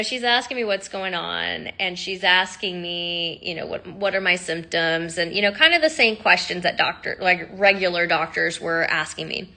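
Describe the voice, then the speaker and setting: A woman sharing her personal story in a candid, animated way, full of fillers and asides. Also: mid-range voice. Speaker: sound healer telling her story.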